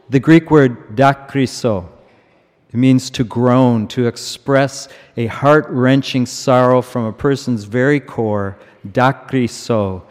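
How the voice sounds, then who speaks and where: A middle-aged man preaching a sermon in a church, slow and measured, repeating key words for emphasis. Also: mid-range voice, a little mellow. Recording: long reverb of a large church.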